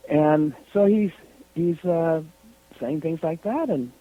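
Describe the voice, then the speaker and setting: A man guest on a radio interview, telling a story in an animated, lively way over the phone. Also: a little high, takes it slowly. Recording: tinny phone line.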